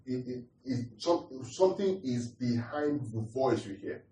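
A man's voice: mid-range voice, lively intonation, unhurried, mellow. A man preaching a teaching sermon, repeating his points and asking the congregation questions. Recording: roomy echo, distant mic.

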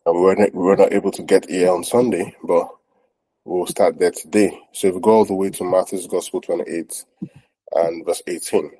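A man teaching a sermon to his congregation in a low, mellow, slightly husky voice. He repeats his points and often checks that listeners follow, with frequent fillers. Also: fairly even intonation, moderate pace, poor audio. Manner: many "um" fillers. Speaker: pastor.

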